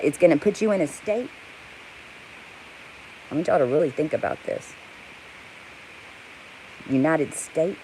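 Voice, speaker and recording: A woman's voice: low voice, slight background noise, low-quality recording. A woman delivering an angry, profane, rambling rant to camera. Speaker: vlogger. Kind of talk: heated monologue to camera.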